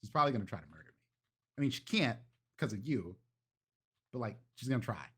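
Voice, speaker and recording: A man voicing a tiny, furious young woman vampire singer who rants and swears in shrill, high outbursts. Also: sing-song, fast, bright, forceful tone, breathy edge, exaggerated voice.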